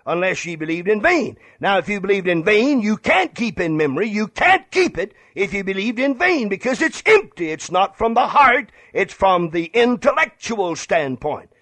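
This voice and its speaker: A man's voice: high-pitched, sing-song, normal speed, few pauses, a bit bright, dry recording. An older man preaching a radio sermon, emphatic and repeating phrases for stress.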